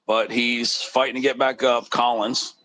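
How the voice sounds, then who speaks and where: A man's voice: medium pitch, little pitch movement, unhurried, sharp tone, a little hiss or hum, rough recording. A man co-commenting a football game in casual chat, telling stories in a rambling, laid-back way.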